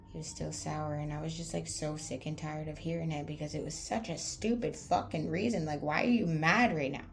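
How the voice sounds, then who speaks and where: Gravelly low-voiced woman, blunt and profane. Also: darkish tone. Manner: rambling, with many fillers like "like" and "anywho". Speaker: vlogger telling her own story. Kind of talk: candid personal storytelling.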